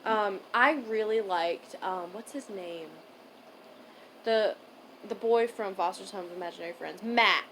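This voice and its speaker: A young woman co-hosting a casual podcast chat, blunt and profane, swinging from loud outbursts to mumbled asides. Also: medium pitch, a little slow, a little hiss or hum. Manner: blunt, swears often, jumps between loud and mumbled. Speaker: podcast co-host.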